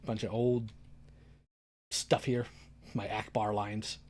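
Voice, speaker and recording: A man's voice: on the low side, slow pace. A man giving casual, sarcastic commentary as a YouTuber, talking while he clicks through files. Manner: sarcastic, lively, talks while working the computer.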